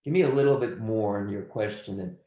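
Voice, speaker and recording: A man's voice: lowish voice, a little fast, mellow, roomy sound, muffled recording. A man teaching a history class over a video call, emphatic and repeating his points as he calls on students. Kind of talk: online class lecture.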